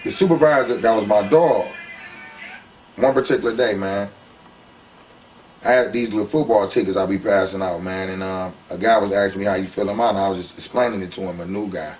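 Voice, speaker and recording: A man's voice: deep voice, a little fast, faint music behind. Slangy man telling his story, distant mic. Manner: animated, slangy, heats up when retelling conflicts. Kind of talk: casual storytelling interview.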